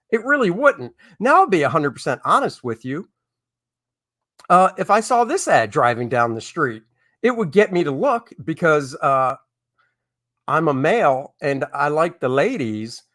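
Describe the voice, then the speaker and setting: A man's voice: fairly high pitch, fairly bright tone. A middle-aged man hosting a casual live stream as a comic artist, talking in a candid, opinionated and rambling way.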